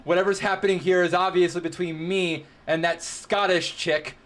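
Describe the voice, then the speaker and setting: A man's voice: high-pitched, fairly even intonation, moderate pace, fairly bright tone. A man voicing an aggressive male cat-man brawler who barks menacing questions in a tabletop game. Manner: barking, menacing interrogation.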